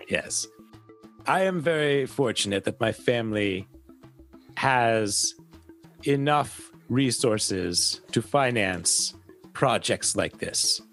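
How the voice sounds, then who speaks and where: A man's voice: medium pitch, fairly bright tone. A man putting on a wealthy German benefactor, light accent. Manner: polite, measured, courteous.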